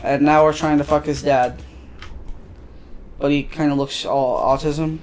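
Guy with a high voice talking over a game, crude, swears a lot, rambly recaps. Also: level tone, a little slow, darkish tone, a little hiss or hum. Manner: crude, profane and offhand; loose running recap of the story. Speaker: let's play gamer. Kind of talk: casual game commentary.

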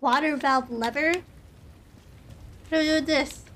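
A woman's voice: high voice, fairly even intonation, unhurried, fairly bright tone, a little hiss or hum. A woman streaming a horror game, rambling nervously, swearing often and filling her talk with "like". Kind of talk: casual gameplay commentary.

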